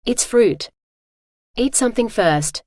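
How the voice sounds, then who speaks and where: A woman's synthetic reading voice speaking the lines of a quiet, teasing young man who keeps a captive. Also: takes it slowly, no room sound, studio quality, full character voice. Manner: low, calm and teasing.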